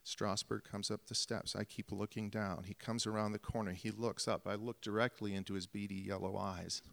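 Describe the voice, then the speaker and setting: A man's voice: on the low side, fairly even intonation, moderate pace, creaky, a bit bright, big-room sound. A man, an actor, telling a story about a film shoot on stage, acting out the scenes vividly. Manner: vivid, acts out scenes and calls. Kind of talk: live storytelling.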